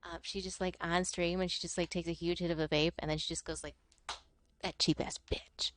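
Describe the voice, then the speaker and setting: A young woman streamer rambling through casual chat over a game. She swears freely and laughs often in a lowish voice. The sound is close and dry. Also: flat delivery, fast, no echo. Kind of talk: casual chat while gaming.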